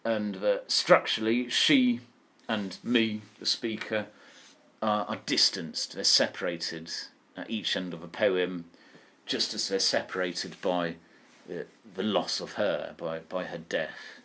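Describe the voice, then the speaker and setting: A man's voice: sits low, fairly even intonation, slow, bright, forceful tone. A man teaching an online poetry lesson, thinking aloud and asking his students questions. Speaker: English teacher.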